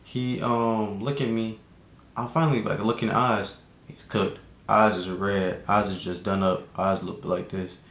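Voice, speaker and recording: A man's voice: lowish voice, steady tone, a little slow, a bit bright, reverberant. A young man vlogger telling a casual storytime, rambling and laid-back, full of slang and restarts. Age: young adult.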